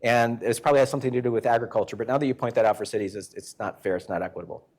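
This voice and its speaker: A man presents to a local government board. His delivery is folksy and conversational, and his voice sits at an ordinary middle pitch for a man. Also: racing, a little mellow. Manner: folksy storyteller acting out quoted exchanges.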